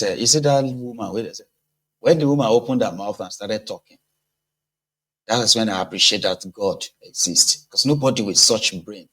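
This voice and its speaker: A man's voice: lowish voice, fairly bright tone. A man with a Nigerian accent giving casual political commentary, conversational and sarcastic, mixing in pidgin.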